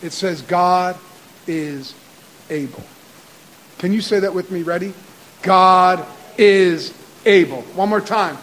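A male pastor preaching a midweek sermon. He rattles off scripture references and builds to loud, repeated declarations. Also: sits high, low-quality recording. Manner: cites verses rapidly, builds to shouted repetition. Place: church.

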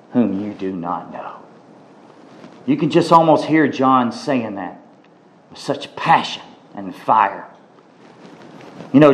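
A man's voice: mid-range voice, a bit bright, rough recording. A man preaching a sermon, emphatic and given to repeating words for stress.

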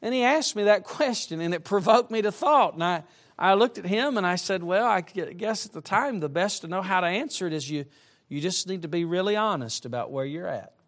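High-voiced preacher delivering a lively sermon. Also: male voice, a little fast. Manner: emphatic, with humorous asides. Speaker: traveling preacher. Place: church sanctuary.

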